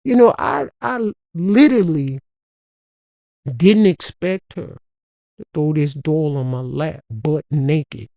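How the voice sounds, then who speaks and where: A man's voice: fairly high pitch, takes it slowly, gravelly, warm tone, dry recording, clean studio sound. A man from Compton, hosting a podcast and telling a profane, streetwise story with frequent laughs. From Compton, Los Angeles. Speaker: podcast host. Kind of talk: casual storytelling.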